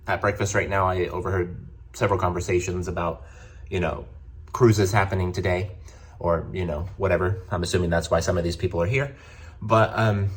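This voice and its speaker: A slightly low-voiced man rambling to camera. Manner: rambling, many fillers and restarts. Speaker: travel vlogger. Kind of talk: casual chat to camera. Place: hotel.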